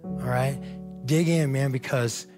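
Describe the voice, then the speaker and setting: A man's voice: medium pitch, fairly even intonation, a little slow, music in the background. A man preaching a sermon as pastor, fervent and conversational, often saying "man" and "amen".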